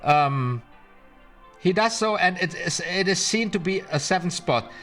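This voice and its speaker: Lively German-accented man teaching card magic. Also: sits high, soft background music. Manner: chatty and playful, hesitant with fillers, sounds out words slowly. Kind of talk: casual live-stream lesson, reading aloud from a magic book.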